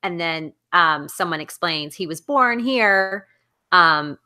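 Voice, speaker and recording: A woman's voice: fairly low pitch, lively intonation, slow, bright, forceful tone, clear, resonant tone. A middle-aged woman with a Southern American accent, chatting casually as a podcast co-host about books, rambling with fillers and restarts. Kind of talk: casual book discussion chat.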